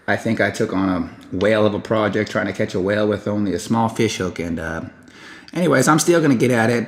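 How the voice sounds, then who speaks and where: Rambling man telling a story. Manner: rambling, jumps into high animated voices for quoted people. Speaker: vlogger telling a personal story. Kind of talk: casual storytelling monologue.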